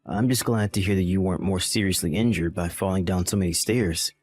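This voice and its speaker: A man's voice: low voice, a little fast, darkish tone, faint music behind. A man playing a callous, dismissive husband. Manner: dismissive, impatient. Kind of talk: voiced text-message drama.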